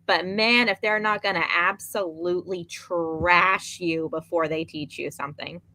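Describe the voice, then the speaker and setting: A woman's voice: lowish voice, fairly even intonation, unhurried, bright, forceful tone. A woman chatting casually on a livestream, telling wry stories with laughing asides. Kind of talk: casual chat.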